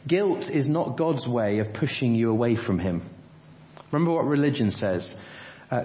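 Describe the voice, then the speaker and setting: A man's voice: medium pitch, animated, normal speed, warm tone. A man preaching a sermon, telling a story and then asking the congregation rhetorical questions. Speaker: pastor. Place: church. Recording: roomy, dull church recording.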